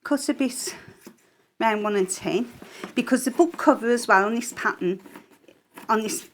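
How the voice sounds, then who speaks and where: A woman's voice: on the high side, a little slow, slight background noise. A woman giving a live sewing demonstration on a shopping channel, chatty and jokey as she explains each step.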